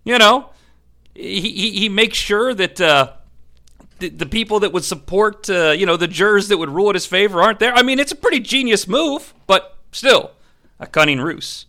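A man's voice: high-pitched, expressive, normal speed, sharp tone. A man giving an irreverent, crude, joking recap of a movie as host of a review show.

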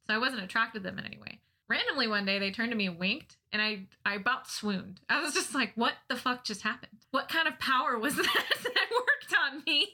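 A woman co-hosting a podcast tells funny stories about herself in a medium-pitched, bright, forceful voice. The chat is casual, and she laughs a lot, mocks herself, and swears now and then.

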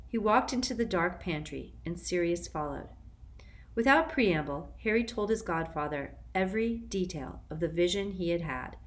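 A woman narrating a storybook in a measured, even way. Her voice sits fairly low, and she keeps an unhurried reading tone through the narration. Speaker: audiobook narrator.

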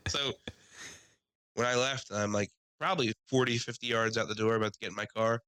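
A man telling a story in casual podcast chat, animated, acting out the people he quotes. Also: fast talker, clean tone, no echo, low-quality recording. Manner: animated, acts out quoted people in higher voices. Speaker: podcast co-host.

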